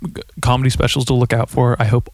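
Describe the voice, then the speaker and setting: A man's voice: mid-range voice, level tone, fast, darkish tone, a little hiss or hum. A young man hosting a solo podcast, rambling profanely and correcting himself often. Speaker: podcast host.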